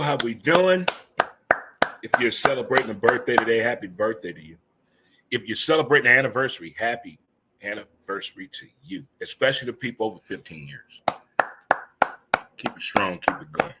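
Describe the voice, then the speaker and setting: A man's voice: medium pitch, animated, fairly quick, very noisy. A man in his fifties hosting a casual live chat show, joking and laughing easily as he talks. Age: 50s. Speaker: host.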